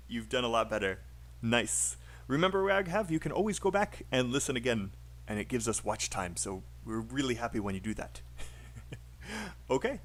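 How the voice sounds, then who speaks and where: A man's voice: medium pitch, fairly bright tone. A man teaching a live online English speaking class, encouraging and laughing often.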